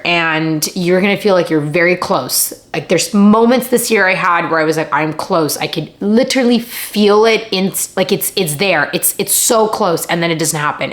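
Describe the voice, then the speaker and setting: A young woman vlogging earnestly to the camera, teary and laughing through tears as she pleads and repeats herself. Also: on the low side. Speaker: vlogger and acting coach. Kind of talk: emotional confessional vlog.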